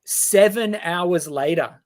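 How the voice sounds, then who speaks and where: An Australian man in his forties shares a long personal story as an interview guest. His voice sits a little high for a man, and he slips into quick impressions of the people in his tale as he goes. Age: 40s. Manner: animated storyteller who acts out quoted voices.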